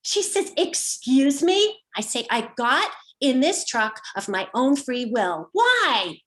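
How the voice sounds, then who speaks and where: A woman's voice: on the high side, very animated, takes it slowly, bright, forceful tone. A middle-aged woman performing a personal story with wry, dry humor, slipping into quoted voices now and then. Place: home, online show.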